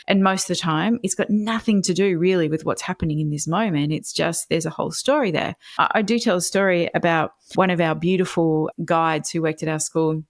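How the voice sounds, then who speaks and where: A woman's voice: fairly low pitch, no room sound, clean studio sound. A woman guest on a podcast interview, telling stories animatedly and acting out the dialogue. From Australia. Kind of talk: conversational interview.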